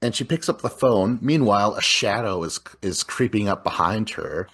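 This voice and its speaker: Low-voiced guy breaking down a movie, animated, quotes lines in funny voices, swears a lot. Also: moderate pace, husky. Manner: animated, acts out characters' lines mid-retelling; swears and laughs often. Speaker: podcast co-host. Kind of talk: casual movie recap chat.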